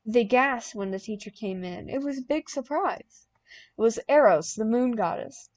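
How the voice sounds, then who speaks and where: A woman's voice: medium pitch, moderate pace, a little mellow. Young woman reading a silly fan story. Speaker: audiobook reader.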